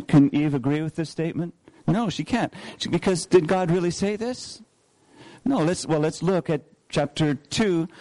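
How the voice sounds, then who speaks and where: A man's voice: fairly high pitch, warm tone, no room sound. A man preaching a sermon, reading scripture aloud and asking his listeners rhetorical questions while repeating key phrases. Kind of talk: sermon teaching through scripture.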